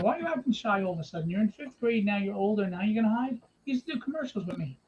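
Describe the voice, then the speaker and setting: A man's voice: sits high, expressive, racing. A man hosting a live stream from home in a casual, joking, teasing way. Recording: dull lo-fi stream audio with faint noise.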